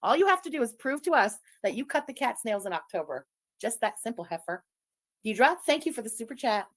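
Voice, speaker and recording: A woman's voice: on the high side, very animated, brisk. A woman streamer gleefully mocking a clip and thanking viewers, swearing freely. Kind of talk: livestream reaction commentary.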